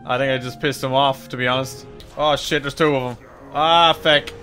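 A young man giving excitable live commentary while he plays a video game, swearing, laughing and calling his viewers lads. He talks over the game's own sound. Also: medium pitch, moderate pace, soft background music. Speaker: gaming channel host.

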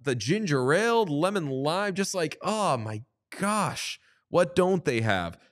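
A man's voice: on the high side, takes it slowly. A man co-hosting a podcast, chatting casually and jokingly, including a playful ad read. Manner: playful, jokey, animated ad reading. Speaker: podcast co-host.

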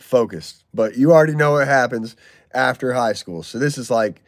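A man's voice: medium pitch, no room sound, clean studio sound. A man in his thirties hosting a casual livestream, reading viewer comments and telling stories in loose, jokey slang. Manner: loose, slangy, jokey, excitable over donations. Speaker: livestream host.

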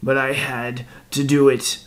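A man's voice: mid-range voice, flat delivery, unhurried, pitched above the performer's own voice, lightly acted. A man playing a frail blind old killer. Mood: pleading. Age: 70s.

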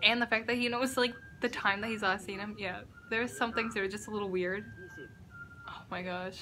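A young woman filming a casual reaction vlog indoors at a friend's house, excitable and gushing and swearing freely. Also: mid-range voice, a little fast, noisy background. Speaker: reaction vlogger.

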